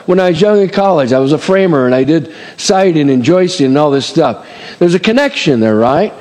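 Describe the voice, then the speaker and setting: On the high side and animated, this man's voice runs a little fast with a slightly mellow tone. He's a middle-aged pastor giving a conversational sermon packed with asides and rhetorical "amen?" and "right?" checks, recorded with long hall reverb.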